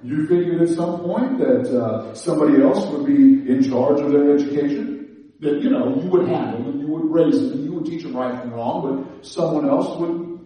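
A man preaching a sermon in a conversational, animated way, laughing and restarting as he talks. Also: a little high, moderate pace, very echoey, distant mic, rough recording. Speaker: pastor.

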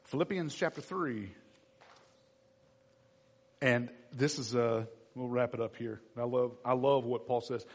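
A man preaching a sermon to his church, animated and acting out the voices of everyday people. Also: mid-range voice, unhurried, long pauses. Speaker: pastor. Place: church sanctuary. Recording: long reverb in a church hall.

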